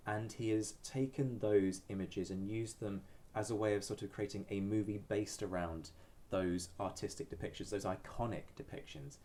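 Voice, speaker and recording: Low, mellow-voiced male historian. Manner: measured, explanatory, with frequent ums. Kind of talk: expert commentary.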